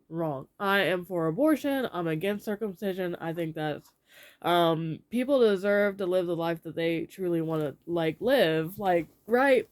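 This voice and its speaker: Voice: mid-range voice, expressive, a little slow. A young adult vlogger sharing opinions in a casual, rambling way, with lots of fillers.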